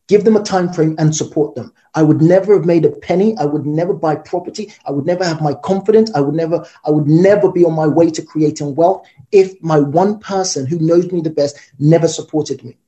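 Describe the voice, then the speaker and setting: A man telling a personal story in an interview, fast and animated. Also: fairly high pitch. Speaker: guest.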